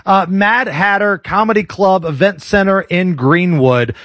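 A man's voice: sits high, a little slow, fairly bright tone, no echo. A man hosting a radio talk show, chatting casually with a sardonic, joking delivery.

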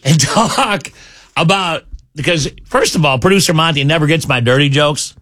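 A male morning radio host in casual banter, telling a joke with lively swings of pitch for the characters. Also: normal speed, no echo, studio quality. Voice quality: animated storyteller, swings pitch for the joke's characters. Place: radio studio.

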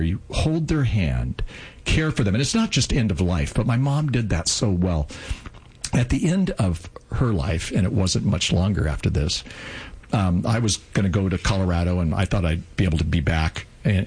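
Husky, earnest older man telling a story. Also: low-pitched, rough recording. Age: 60s. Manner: warm and earnest, lively storyteller. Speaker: radio show co-host. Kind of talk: heartfelt personal storytelling.

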